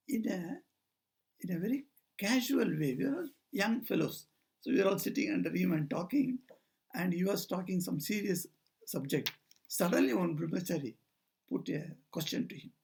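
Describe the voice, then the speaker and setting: Older male monk speaker, high husky voice, story-led spiritual talk, acts out the dialogue. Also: lively intonation, moderate pace, darkish tone. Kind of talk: informal spiritual talk with stories. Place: talk at a society house, indoors.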